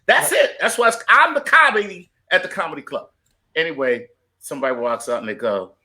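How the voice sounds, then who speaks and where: Comedian, male, lively and punchy delivery, bright and forceful tone, salty storyteller. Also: sits high, unhurried, long pauses. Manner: animated, profane storyteller doing voices. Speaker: comedian guest. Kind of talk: casual storytelling chat.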